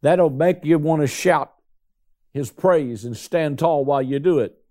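A man preaches with an emphatic delivery, stretching out the lines he wants to land. His voice is fairly high and has a gravelly edge to it. He keeps a steady pastor's cadence throughout. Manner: emphatic preaching, slows for key points. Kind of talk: sermon.

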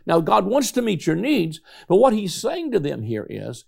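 A man's voice: sits high, huge pitch swings, normal speed, vocal fry, darkish tone, husky. A middle-aged man preaching a sermon, earnest, reading scripture aloud and often restarting his words.

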